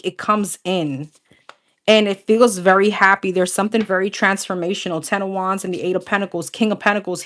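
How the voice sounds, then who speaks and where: A woman's voice: mid-range voice, fairly bright tone. A young adult woman doing a casual tarot reading, calling out cards one after another and chatting with viewers, laughing often. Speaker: tarot reader.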